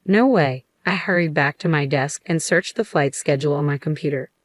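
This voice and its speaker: A woman reads a first-person story in a steady, matter-of-fact way. Her voice is low, and the recording is dry and close with no room sound. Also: fairly quick, no echo. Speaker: story narrator. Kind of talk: scripted first-person narration.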